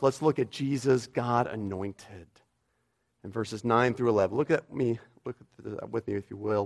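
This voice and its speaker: A pastor preaching a sermon in a church, emphatic and repeating his key phrases for weight. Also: mid-range voice.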